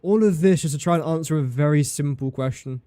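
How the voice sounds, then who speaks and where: A man's voice: fairly high pitch, fairly quick, warm tone, dry recording. A man streaming live gameplay commentary, thinking aloud in a chatty way, talking to his game and to viewers in chat.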